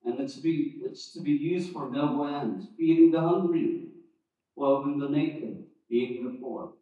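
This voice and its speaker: With a slightly high voice and a measured pace, a preacher teaches about church history in a conversational sermon, full of restarts and asides. He is in a church sanctuary, and the recording sounds echoey, distant, and dull.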